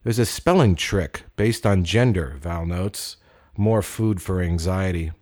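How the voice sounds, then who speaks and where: A man narrating a story in a measured, deliberate way with dry wit. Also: low-pitched, a little mellow.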